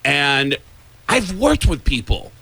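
A fairly high-voiced man spins a comic anecdote as an interview guest. He talks in an excitable rush and breaks into yelling and impressions along the way. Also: takes it slowly, vocal fry, husky, dry recording. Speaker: guest comedian. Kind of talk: animated comic storytelling.

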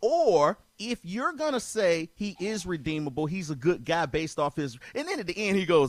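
A man's voice: high-pitched, sing-song, moderate pace, no echo. A man hosting a talk show, arguing insistently, often repeating himself and talking over his co-host. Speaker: podcast host. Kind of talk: heated debate.

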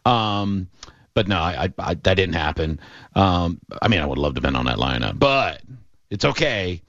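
A man hosting a sports talk show, telling a long story in a casual, animated way with lots of fillers. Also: sits low, moderate pace, dry recording. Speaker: radio show host. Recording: dull, lo-fi and dry.

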